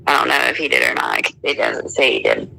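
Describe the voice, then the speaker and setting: A woman's voice: very deep voice, huge pitch swings, fairly quick, creaky, pushed and bright, slight background noise, poor audio. A woman retelling a court hearing in a casual way, with amused, laughing asides. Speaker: host recounting a court transcript. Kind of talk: casual storytelling.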